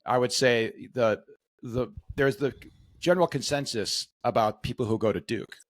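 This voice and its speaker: A man co-hosting a podcast in casual chat, agreeable and quick to chime in, with frequent fillers. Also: mid-range voice, slight background noise. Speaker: podcast co-host.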